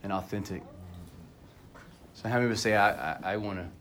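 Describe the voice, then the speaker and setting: A man's voice: lowish voice, brisk, crowd noise. A man preaching a sermon as pastor at a church service, talking candidly and conversationally to the congregation.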